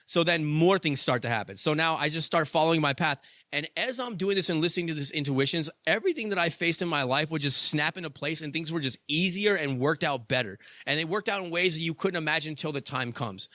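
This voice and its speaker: A man's voice: on the high side, quick pace, few pauses, pushed and bright, dry recording, clean studio sound. A young adult man hosting a podcast, telling a story in a casual monologue, swearing freely and padding with "like" and "you know.". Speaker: podcast host.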